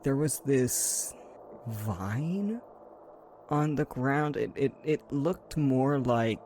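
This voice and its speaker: A man's voice: medium pitch, animated, extremely slow, darkish tone, a little hiss or hum. A man voicing an inexperienced, nervous male psychiatrist who speaks hesitantly and stammers. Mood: uneasy.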